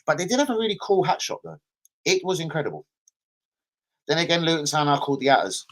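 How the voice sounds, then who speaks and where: A man's voice: a little high, sing-song, quick pace, fairly bright tone. A man hosting a football live stream, rambling casually, swearing and bantering with his viewers.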